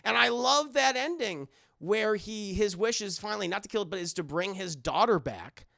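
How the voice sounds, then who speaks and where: A young adult man reviewing a film for a live stream chat, animated and rambling, swearing often. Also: high voice, moderate pace, gravelly, dry recording, clean studio sound.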